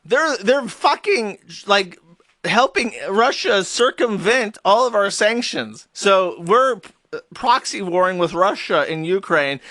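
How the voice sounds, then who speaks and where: Guy streamer ranting, sarcastic and sweary, high bright voice, dry close sound. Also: dry recording. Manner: sarcastic, profane, agitated. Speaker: streamer host. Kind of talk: ranting live-stream commentary.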